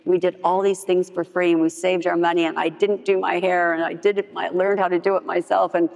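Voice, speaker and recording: A middle-aged woman with a gravelly edge tells her story to a meeting, her voice carried on the long reverb of a hall. She is animated and acts out every quote. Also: fairly low pitch, fairly quick, highs cut off. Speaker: speaker at a recovery meeting. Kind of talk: personal story told to a group.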